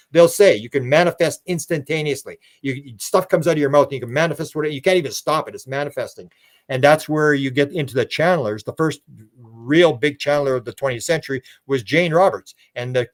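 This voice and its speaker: Speaking at medium pitch, an older interview guest meanders through lengthy stories in a casual setting, performing the dialogue, restarting frequently and leaning on fillers.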